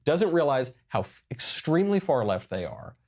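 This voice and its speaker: Lively emphatic male commentator. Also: a little high, moderate pace. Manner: emphatic, sarcastic, lively delivery. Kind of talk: political commentary over clips.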